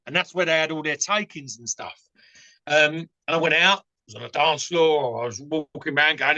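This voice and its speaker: A man's voice: a little high, moderate pace, bright, forceful tone, no room sound, poor audio. Essex man telling stories frankly. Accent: Essex English. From England. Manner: rambling, frank, with many fillers and acted-out quotes. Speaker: podcast guest. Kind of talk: casual storytelling.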